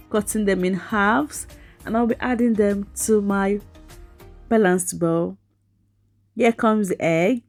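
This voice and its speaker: A woman's voice: medium pitch, a little mellow. A woman cooking vlogger chatting playfully to her viewers, teasing and giggling as she talks them through a recipe. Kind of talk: voice-over cooking demo.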